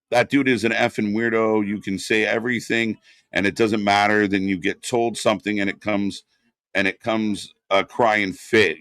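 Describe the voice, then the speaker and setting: A man's voice: fairly low pitch, a bit bright, dry recording, studio quality. A man hosting a live wrestling watch-along stream, chatting casually and bluntly with plenty of swearing while answering chat. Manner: casual and profane, reads chat aloud.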